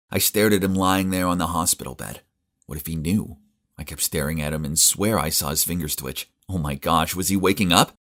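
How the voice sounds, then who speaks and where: A young man with a very low, deep voice tells an animated story in the first person. His narration is earnest and emotive, plainly scripted. He sounds young.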